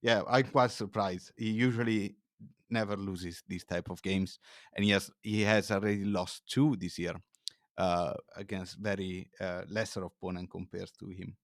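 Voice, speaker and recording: Lively man, low voice, dry sound. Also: moderate pace, no echo. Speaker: podcast guest. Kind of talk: casual chat.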